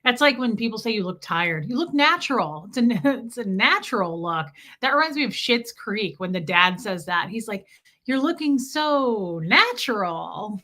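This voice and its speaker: A woman's voice: medium pitch, expressive, moderate pace, few pauses. A young adult woman hosting a casual livestream from home, chatty and friendly as she greets viewers by name. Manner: chatty, warm greetings, frequent laughs. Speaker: livestream host. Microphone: streaming setup mic.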